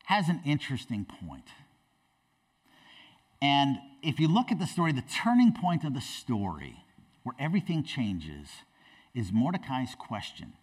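Animated male preacher telling a story. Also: medium pitch, distant mic. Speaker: pastor. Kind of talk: sermon, storytelling. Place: church.

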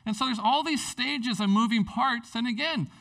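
A pastor preaching a sermon in a church, animated and jokey, acting out characters as he goes. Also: extremely high pitch, moderate pace, vocal fry, recorded from a distance.

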